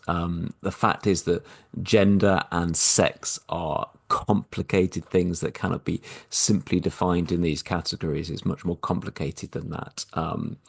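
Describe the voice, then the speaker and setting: Deep-voiced impassioned man. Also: creaky, husky. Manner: impassioned, halting, with many restarts. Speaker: minister. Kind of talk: personal reflection podcast.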